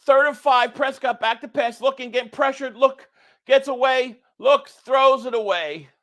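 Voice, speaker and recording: Stream host, male, sharp bright tone, dead dry mic, fan energy reading super chats. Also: very high voice, unhurried, no room sound. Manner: reads viewer super chats, shouts at plays. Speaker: live stream host reacting to football. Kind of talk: live stream reaction and chat reading.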